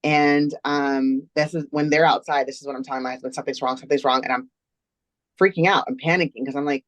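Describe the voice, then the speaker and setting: A woman's voice: low voice, steady tone, fairly quick, a bit bright, no room sound. A woman, a guest in an interview, earnestly recounting a personal story step by step.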